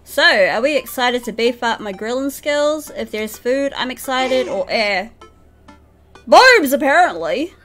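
Casting: young New woman, streamer, bright slightly high voice, slow unhurried delivery, giggly and chatty, soft music under. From New Zealand. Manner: giggly, chatty with viewers, reads game lines in a playful voice. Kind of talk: live game stream, reading dialogue aloud.

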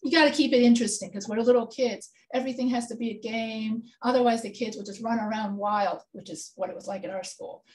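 A woman's voice: a little high, fairly even intonation, fast, few pauses, darkish tone. A woman teaching a grammar lesson in an online class, explaining rules step by step and checking in with her students. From Texas. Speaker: writing instructor.

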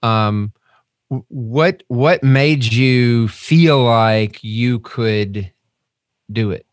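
A man's voice: mid-range voice, very slow, no room sound, clean studio sound. A man with a Southern accent hosting an interview, restarting his questions often. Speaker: interviewer, host.

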